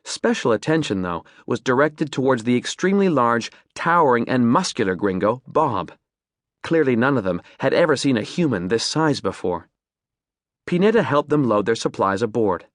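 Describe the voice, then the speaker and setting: A man narrating an audiobook in a vivid, expressive storytelling manner, recorded on a studio microphone. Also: medium pitch, normal speed, no room sound. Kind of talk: scripted narration.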